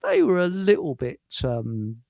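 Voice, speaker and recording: A man hosting a casual live chat, his pitch swinging up and down as he rambles through stories, full of ums and restarts. His voice sits a little high for a man. The sound is close and dry. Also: wildly swooping pitch, a little slow, creaky, darkish tone, no echo. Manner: rambling, hesitant storyteller with many fillers. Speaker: host.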